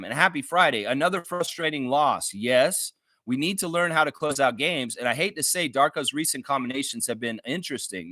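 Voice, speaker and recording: A man from Canada hosts a live basketball reaction show, reading viewer comments and ranting with plenty of swearing. His voice sits a little high and is very bright and forceful. It is recorded dry and close. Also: no echo. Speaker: sports fan channel host.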